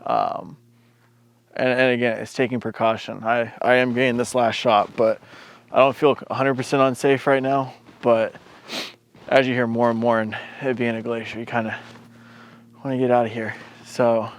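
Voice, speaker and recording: A man's voice: medium pitch, flat delivery, moderate pace. A man casually narrating a winter hiking trip for his travel vlog. He talks in a loose, rambling way with many fillers. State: out of breath. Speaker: vlogger. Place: outdoors in winter, later inside a vehicle.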